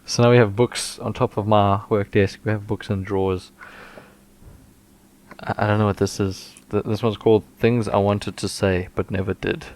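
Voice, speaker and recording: A man co-hosting a casual podcast, reading book passages aloud slowly and dramatically between chat. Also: lowish voice, flat delivery, darkish tone. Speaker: podcast co-host.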